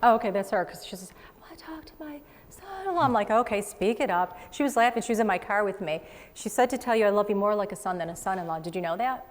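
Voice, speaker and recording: A woman psychic medium hosting a show, giving chatty readings to a live studio audience with quick asides and frequent laughs. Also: mid-range voice, in a large hall.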